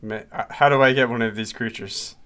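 A man's voice: mid-range voice, steady tone, brisk, sharp tone. Hesitant man playing a tabletop game. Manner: hesitant, full of ums and laughter. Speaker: player.

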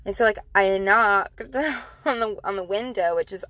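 A woman's voice: medium pitch, unhurried, a bit bright, no echo. A woman casually telling a personal story, rambling with many fillers and restarts.

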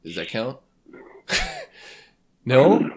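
A man's voice: medium pitch, sing-song, drawn-out words, darkish tone, husky. A man co-hosting a podcast in casual chat, joking and laughing, swearing casually. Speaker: podcast co-host.

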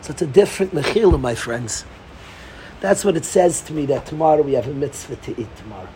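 Excitable high-voiced man giving a Torah talk. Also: fairly quick, a little hiss or hum. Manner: excitable, repeats himself, restarts sentences. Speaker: Torah teacher. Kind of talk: informal Torah talk to a group.

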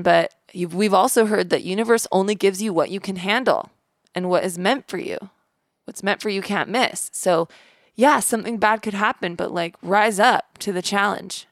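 A woman guest on a podcast, telling a personal story in an animated way and acting out the voices of the people in it. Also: medium pitch, no room sound, clean studio sound. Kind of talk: casual storytelling interview.

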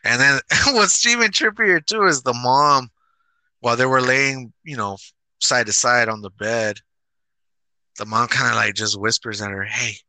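A man hosting a casual movie review chat, animated and swearing as he retells scenes with acted quotes. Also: mid-range voice, measured pace, dry recording, rough recording. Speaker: podcast host.

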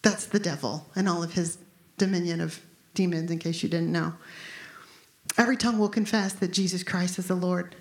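A woman's voice: fairly low pitch, fairly even intonation, moderate pace, darkish tone. A woman in her fifties preaching a conversational, emphatic sermon as pastor. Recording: echoey room.

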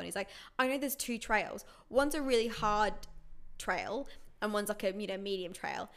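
A woman co-hosting a casual chat, telling a date story with lots of laughter and animated retelling. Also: a little high, moderate pace.

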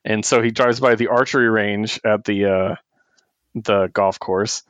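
A man co-hosting a comic book podcast, retelling a story in a casual, animated way and laughing often. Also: fairly low pitch, a little slow, smooth, dry recording, highs cut off. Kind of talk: casual chat.

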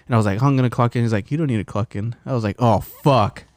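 A man's voice: medium pitch, very fast, darkish tone, dry recording. Swearing, rambling man telling a story. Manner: rambling storyteller, swears a lot, restarts often. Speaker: podcast co-host. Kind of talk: casual chat.

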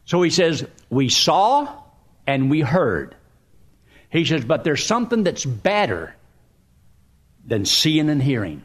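Lively folksy man preaching a sermon. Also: on the high side, slow, pauses often. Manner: folksy, emphatic Bible-reading delivery.

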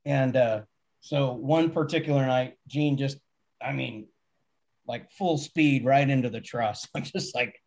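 A man's voice: mid-range voice, unhurried, creaky. A man telling backstage touring stories in a casual chat, often laughing and acting out quotes. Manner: laughing anecdotes, acts out quotes. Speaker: touring stagehand.

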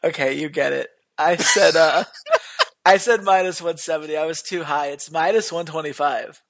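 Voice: medium pitch, normal speed. A podcast co-host in casual, argumentative chat about esports betting. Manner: animated, argumentative.

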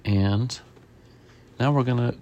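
Gentle, chatty man reading a storybook. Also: mid-range voice, takes it slowly, highs cut off, a little hiss or hum. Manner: gentle, chatty, asks the child questions. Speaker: storybook reader. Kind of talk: reading a picture book aloud with a child.

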